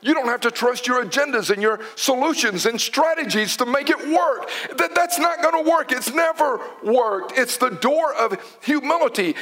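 A man's voice: very high voice, a bit bright. A man preaching a sermon, dramatic, dropping to whispers for emphasis. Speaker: pastor.

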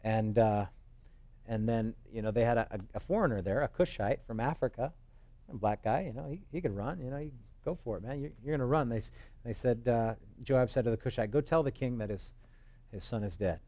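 A man's voice: mid-range voice, a little fast, mellow, no echo. A man preaching a sermon as pastor, telling stories in a loose conversational way with joking asides. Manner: acts out quoted voices. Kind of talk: expository sermon.

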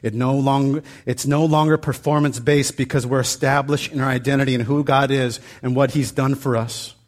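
Earnest pastor preaching, loose and heartfelt. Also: male voice, mid-range voice, fairly even intonation, normal speed. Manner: conversational storytelling with many fillers and restarts; builds to fervent emphatic preaching. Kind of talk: sermon.

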